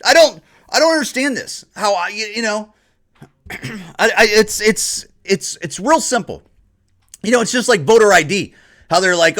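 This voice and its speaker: Ranting through a combative, repetitive monologue, this Ohio man hosting an opinion podcast ridicules others by imitating them in exaggerated voices. He sounds high, very animated and sharp, and talks briskly.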